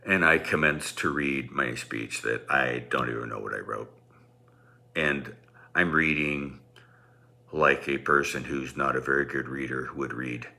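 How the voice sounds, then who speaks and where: Middle-aged male storyteller, very low and bright voice, rambling and self-mocking. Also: creaky. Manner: rambling, self-deprecating, many restarts. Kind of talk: personal storytelling.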